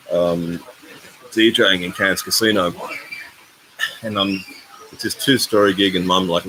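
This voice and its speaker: Low-voiced man in his sixties. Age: 60s. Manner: rambling, thanks donors by name. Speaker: live-stream host. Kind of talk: casual live-stream chat. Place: residential complex in Bali. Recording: noisy ambient background.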